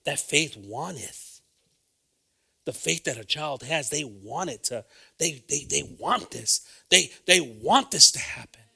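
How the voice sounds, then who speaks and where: An earnest male preacher delivers a sermon, leaning on repeated phrases for emphasis. His voice sits a little high and sounds very bright and forceful. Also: animated, slow, creaky, breathy edge.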